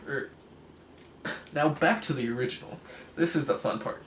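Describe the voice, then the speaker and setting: In a casual comic review chat, a male video host talks through a comic book story at a moderate pace in a mid-range voice. There's rambling, plenty of laughter, and self-correction, and the room is echoey with faint hiss.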